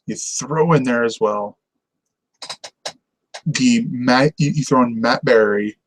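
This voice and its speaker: A man hosting a TV review show, chatting casually to camera. He rambles enthusiastically, circling back on his own thoughts and laughing often. His pitch sits in a plain, everyday male middle range. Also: slow, rough recording.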